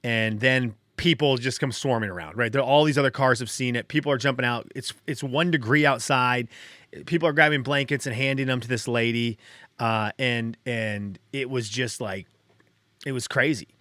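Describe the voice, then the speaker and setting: Middle-aged male podcast host, mid-pitch, dry close sound; shaken, rambling storyteller full of restarts. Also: normal speed, bright, forceful tone, no room sound. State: shaken, a little dazed. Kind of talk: casual personal storytelling.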